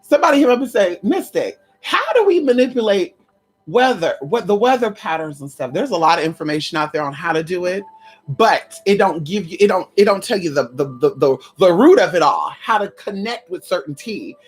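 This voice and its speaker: Woman livestream host, sassy and chatty, very animated pitch, faint background music. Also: brisk, slightly rough. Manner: sassy, chatty, keeps calling listeners honey and girl; breaks into loud laughs and exclamations. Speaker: livestream host teaching conjure. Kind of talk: casual livestream chat.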